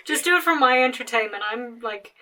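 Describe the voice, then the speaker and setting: A woman's voice: on the high side, sharp tone. A young woman guest on a podcast, chatting casually and teasing, hedging her claims with filler words.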